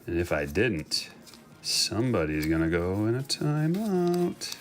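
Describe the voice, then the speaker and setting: Excited, joking male card-break host with a very deep voice; faint music behind. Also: a little slow. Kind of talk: casual live commentary while opening packs.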